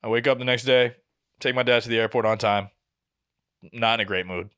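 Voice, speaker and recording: A young man in his twenties telling a long story on a casual podcast, profane and animated, acting out what people said. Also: medium pitch, a little fast, clear, resonant tone. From New England. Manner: animated, profane, acts out quotes. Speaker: podcast co-host.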